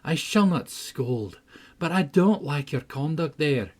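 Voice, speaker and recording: A man's voice: on the high side, expressive, slow. A man reading as earnest housekeeper Ellen. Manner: earnest, reproving. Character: earnest older housekeeper Ellen, gently scolding. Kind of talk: audiobook narration.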